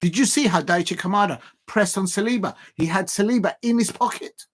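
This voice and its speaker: Hosting a football watch-along livestream, this South London man speaks fairly quickly in a high-sitting voice. His excitable rant rambles, loaded with fillers and phrases he repeats over and over.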